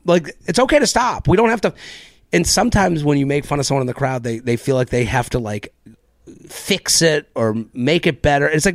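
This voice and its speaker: A man hosting a solo comedy podcast, telling a story in an animated way and acting out both sides of each exchange. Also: on the high side, moderate pace, gravelly, no echo, studio quality. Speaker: podcast host.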